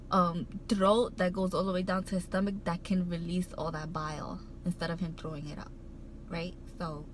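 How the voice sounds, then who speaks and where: A woman's voice: fairly low pitch, slight background noise, poor audio. A woman vlogger telling a heartfelt personal story, rambling with many fillers and restarts, emotional and choked up at times. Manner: emotional, getting choked up while recounting.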